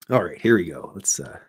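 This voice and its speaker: A man's voice: deep voice, creaky, a little mellow, a little hiss or hum. A Canadian man who hosts a cartoon show, telling meandering, jokey stories and often interrupting himself. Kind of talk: rambling casual storytelling.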